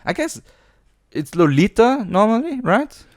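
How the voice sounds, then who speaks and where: A young man hosts a podcast in relaxed, casual conversation. He jokes constantly, laughs often and drops into mock voices for quoted lines, and his voice sits at an ordinary middle pitch. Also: normal speed. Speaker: podcast host.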